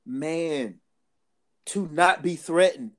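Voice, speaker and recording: A man's voice: fairly high pitch, very slow. A man co-hosting a podcast in casual chat, talking emphatically in street slang and laughing often, like he's preaching to a friend. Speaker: podcast co-host.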